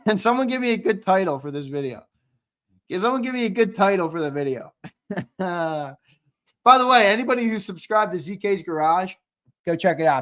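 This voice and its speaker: A brash, foul-mouthed man with a slightly high voice chats loosely on a live sports stream. He trash-talks his viewers, reads their comments aloud and laughs as he goes, often saying things twice. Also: animated, a little fast, a bit bright. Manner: brash and profane, with trash talk; reads out and answers the live chat. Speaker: sports show host. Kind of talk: casual livestream chat.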